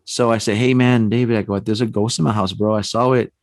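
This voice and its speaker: A man telling a personal ghost story on a podcast, animated and acting out the voices in his tale. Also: on the low side, a little fast, dry recording. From San Antonio, Texas. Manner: animated storyteller, acts out quotes, frequent restarts and "man". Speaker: paranormal investigator guest.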